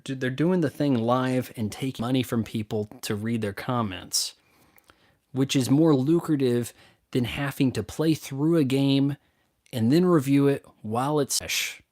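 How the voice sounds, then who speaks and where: A man's voice: mid-range voice, darkish tone. A man answering viewer questions as a movie and game critic, blunt and sarcastic, swearing often and mocking others in put-on voices. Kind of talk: casual profane Q&A rant.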